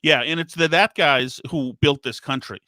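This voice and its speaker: A man's voice: a little high, normal speed, bright, forceful tone, no echo. A man co-hosting a talk show, backing the host up with indignant remarks. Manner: agreeing, indignant asides. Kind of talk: talk radio banter.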